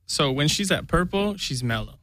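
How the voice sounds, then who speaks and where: A man's voice: on the high side, lively intonation, normal speed, sharp tone, dry recording. A young man chatting as a podcast guest, telling a long rambling story and acting out what people said. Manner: rambling storyteller, acts out quotes. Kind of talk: casual chat.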